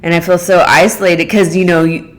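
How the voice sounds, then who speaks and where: This podcast host speaks solo in a deep, low voice, with a flat delivery at a fairly quick clip. Her casual, earnest monologue rambles, full of restarts and plenty of "like" and "you know" as she thinks aloud.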